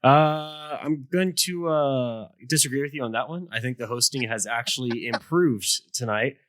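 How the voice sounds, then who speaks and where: A man's voice: mid-range voice, normal speed, a bit bright, dry recording. A man co-hosting from a studio, laid-back and laughing as he banters with the host.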